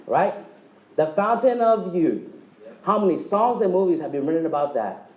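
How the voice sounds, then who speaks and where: A man giving a motivational sales presentation, joking and quizzing the audience, acting out quick dialogues. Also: high-pitched, lively intonation, roomy sound, rough recording. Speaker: presenter at a direct-sales meeting. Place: meeting room with live audience.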